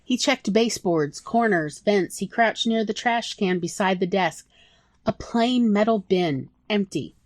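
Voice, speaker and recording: A woman narrating her own story in a soft, emotional audiobook style. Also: medium pitch, animated, a little slow, no echo. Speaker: author reading own story.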